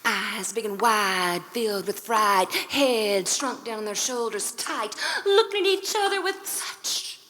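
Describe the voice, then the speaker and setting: A woman's voice: mid-range voice, animated, slow, few pauses, sharp tone. Dramatic woman storyteller. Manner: dramatic, rhythmic, dropping to whispers. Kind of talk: folk tale storytelling.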